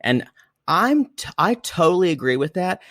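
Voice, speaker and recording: Male co-host taping at home, bawdy and sarcastic, with a lively pitch and a dry sound. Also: moderate pace, no echo. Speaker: podcast co-host. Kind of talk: casual comedic recap chat. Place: apartment room at home. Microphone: podcast microphone.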